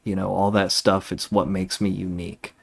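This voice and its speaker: A young man with a lowish voice chatting on a game stream. He rambles from tangent to tangent in a laid-back way and swears without thinking about it. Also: little pitch movement, moderate pace, vocal fry. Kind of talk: casual chat while streaming a game.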